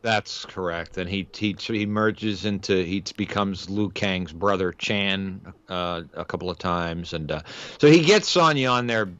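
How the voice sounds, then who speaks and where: A man's voice: low voice, a little slow, a bit bright, clear, resonant tone, no room sound, muffled recording. A man co-hosting a film podcast, chatting casually with wry, crude humor. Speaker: podcast co-host. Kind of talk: casual film review chat.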